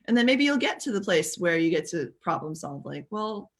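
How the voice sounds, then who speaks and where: A woman parenting coach with a lowish voice and a gravelly edge. She talks to parents in a chatty, expressive way and slips into quick quoted lines as she explains. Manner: chatty and expressive, acts out little quoted exchanges with laughs.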